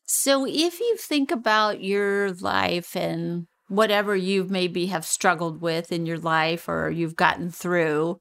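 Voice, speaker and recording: A woman's voice: on the low side, takes it slowly, gravelly, hardly any pauses, a bit bright. A woman hosting an interview, asking questions and backing her guest with short agreements. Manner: encouraging, frequent short agreements. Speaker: interview host.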